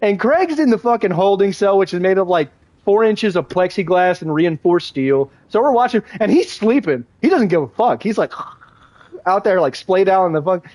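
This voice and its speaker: A man's voice: sits high, expressive, normal speed, darkish tone, no echo. A young man livestreaming a game, rambling through a casual story with lots of fillers and restarts. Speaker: gaming livestreamer.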